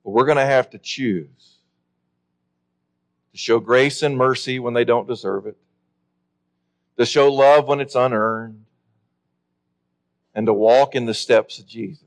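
Earnest and emphatic, a man with a mid-range voice preaches, drawing out important words by slowing his delivery.

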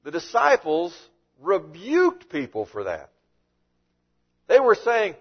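Guy preaching a sermon, lively up and down voice, kinda high, muffled lo-fi audio. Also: unhurried, long pauses, breathy edge. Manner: animated preaching with rhetorical questions. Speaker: pastor.

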